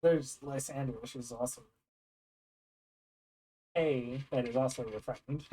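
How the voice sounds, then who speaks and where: A woman's voice: a bass voice, slow, warm tone, husky, recorded from a distance, rough recording. A woman chatting casually with fellow tabletop players, rambling through anecdotes with lots of fillers, laughing often and acting out the people she quotes. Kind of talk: casual chat between players.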